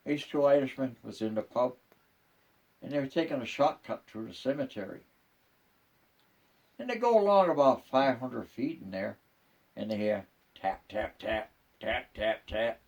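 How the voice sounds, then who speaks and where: An older man, a grandfather, telling jokes in an unhurried, folksy storytelling way. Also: medium pitch, very animated, a little mellow, recorded from a distance, highs cut off. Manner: unhurried, folksy joke delivery.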